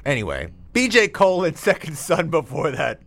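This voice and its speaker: A man's voice: fairly high pitch, huge pitch swings, moderate pace, creaky, a bit bright. A man hosting a radio show in a studio, chatting in a playful, meandering way and talking to his dog between songs. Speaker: radio host. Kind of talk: rambling late-night radio chat. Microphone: studio mic set too far off, with echo effect.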